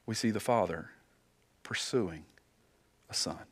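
A pastor preaches a sermon in a lowish, husky voice, speaking a little slowly. He's earnest, posing rhetorical questions to his listeners and frequently repeating words as he goes.

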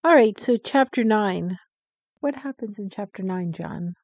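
A woman's voice: mid-range voice, lively intonation, a little mellow, no room sound, lo-fi sound. A woman co-hosting a podcast, chatting about a book and agreeing often. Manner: agreeable, quick affirmations. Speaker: podcast co-host. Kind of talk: casual book discussion.

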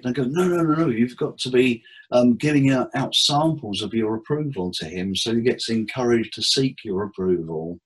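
A husky, slightly breathy man speaks at an ordinary middle pitch. He talks through his cases like stories, taking on the voices of the people in them and jumping up in pitch when he does. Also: moderate pace, hardly any pauses, low-quality recording. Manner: animated storyteller acting out client dialogue. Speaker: therapist guest. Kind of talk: casual interview chat.

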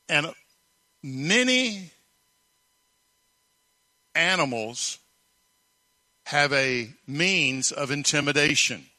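A man's voice: medium pitch, pushed and bright, dry recording. A man preaching a sermon, telling stories emphatically and asking rhetorical questions. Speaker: pastor.

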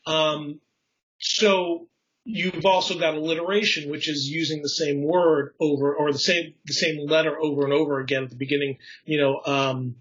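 A man's voice: on the high side, fairly even intonation, normal speed, a bit bright, muffled recording. A man in casual conversation explaining poetry, rambling with restarts and fillers and chuckling at his own slips. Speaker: poetry enthusiast explaining craft.

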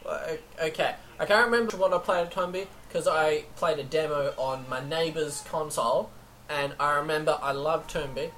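A woman's voice: deep voice, normal speed, a bit bright, a little hiss or hum. A woman in casual chat about video games, brash and teasing, swearing freely.

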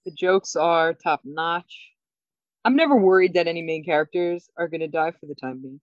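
Laughing a lot and acting out lines, a female podcast co-host gives a lively, casual recap of an episode. She has a lowish voice and a moderate pace, captured with a dull, dry sound and no echo.

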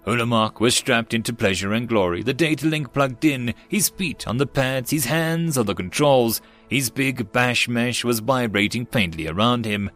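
A man narrating a science-fiction web novel as an audiobook in a steady storytelling read. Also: mid-range voice. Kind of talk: scripted narration.

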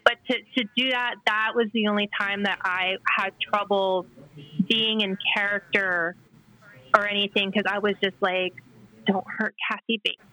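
A woman's voice: mid-range voice, fairly even intonation, moderate pace, pushed and bright, rough recording. A woman guest chatting casually in an interview, telling candid stories about acting and stunt work. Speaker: actress and stunt performer guest.

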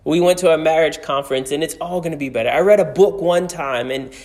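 Pastor guy preaching casual-like, slightly high voice, says the big lines twice. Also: quick pace, darkish tone. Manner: conversational preaching, repeats key phrases for emphasis. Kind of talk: sermon.

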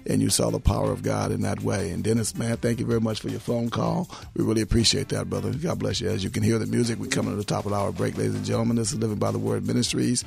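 A man hosts a Christian call-in radio show, answering callers with affirmations and calling them brother. His voice is low and strongly gravelly, with heavy fry. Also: little pitch movement, fast talker, hardly any pauses. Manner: warm affirmations, calls people brother. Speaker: radio host. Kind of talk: radio talk show hosting.

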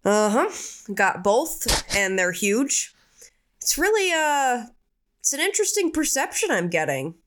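A woman reading a session transcript aloud, describing things in a halting, searching way with many fillers. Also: fairly high pitch, sing-song, a bit bright, slight background noise.

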